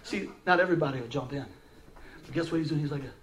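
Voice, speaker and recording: A man preaching a sermon, telling a story in a folksy, animated way with frequent asides to his listeners. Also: fairly high pitch, fast, a little hiss or hum.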